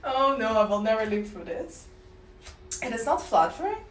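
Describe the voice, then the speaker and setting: A woman's voice: on the high side, very animated, moderate pace, a little hiss or hum. A woman with a Russian accent chatting casually on a livestream, teasing and self-mocking, laughing often. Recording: roomy and distant mic.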